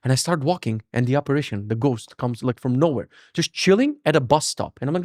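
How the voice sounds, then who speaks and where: A man in his thirties hosting a podcast, telling a story as a casual rant, animated, cursing freely and mocking himself. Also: medium pitch, quick pace, dry recording, studio quality. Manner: animated, profane, self-mocking. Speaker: podcast host.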